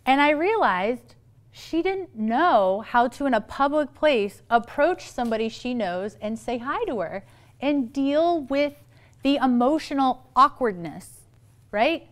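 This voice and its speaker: Middle-aged woman speaker on parenting, playful and quick, fairly high voice. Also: expressive. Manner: playful, quick asides, acts out quoted voices. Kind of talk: lively talk to a live audience.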